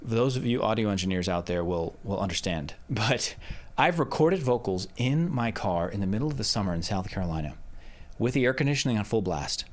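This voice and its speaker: With a fairly low, animated voice and a fairly quick delivery, this producer teaches how he records vocals in a casual demo. Step-by-step explanation alternates with loud sung test shouts. The setup is a handheld dynamic mic about a foot away in a home studio lined with curtains and rock wool.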